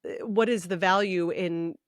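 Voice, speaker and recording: Measured woman with a lower voice. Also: steady tone, dry recording, clean studio sound. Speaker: podcast co-host. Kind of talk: casual chat.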